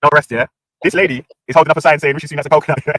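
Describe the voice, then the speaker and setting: Fast-talking British man ranting on stream. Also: on the high side, fairly even intonation, sharp tone, no room sound. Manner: slang-heavy, ranting with street banter. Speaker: livestream host. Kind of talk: casual livestream chat.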